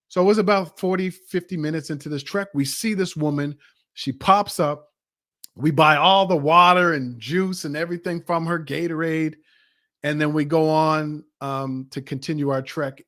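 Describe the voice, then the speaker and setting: A man coaching an audience, telling a personal travel story with animated, acted-out quotes. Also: a little high. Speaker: motivational coach. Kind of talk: motivational storytelling talk.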